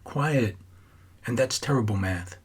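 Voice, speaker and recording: A man's voice: mid-range voice, measured pace, breathy edge. A man voicing a curt, stern woman librarian who answers in a clipped, dismissive way.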